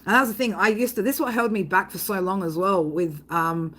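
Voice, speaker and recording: A woman's voice: medium pitch, a little fast, a bit bright. Woman, psychic reader vlogging, casual storytelling, blunt and sweary, rambling. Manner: rambling, blunt, swears freely, frequent "right?".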